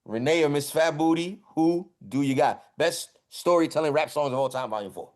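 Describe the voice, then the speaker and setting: A man's voice: on the high side, brisk, a little mellow. A man hosting a casual hip-hop podcast, laughing often and calling for each vote. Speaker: host.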